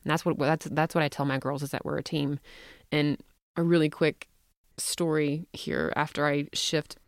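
A woman's voice: sits low, normal speed, no echo. A woman hosting a podcast, talking candidly and with lots of laughter as she tells a family story in a professional sound studio. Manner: candid, animated, laughs often. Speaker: podcast host and mother. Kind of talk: casual storytelling chat.

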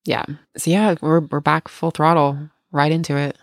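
A middle-aged woman co-hosting a casual chat, telling animated stories and laughing often. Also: low voice, moderate pace, dry recording, clean studio sound.

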